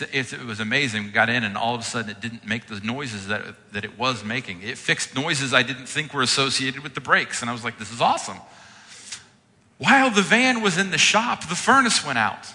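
A man preaching a sermon, telling everyday stories and acting out his own exasperated reactions with lively energy. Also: mid-range voice, fairly quick. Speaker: pastor. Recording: long hall reverb.

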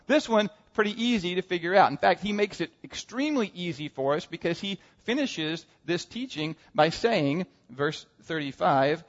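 A man delivers a sermon, retelling a parable and pressing his listeners with rhetorical questions. His voice sits somewhat high and sounds slightly muffled, with a long reverb trailing through a large hall. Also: a little fast, few pauses. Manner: animated storytelling with rhetorical questions. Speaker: pastor.

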